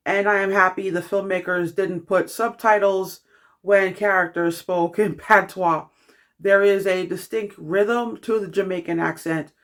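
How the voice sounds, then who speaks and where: A young adult film reviewer reading a scripted review in a measured, steady way, with the odd filler. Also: medium pitch.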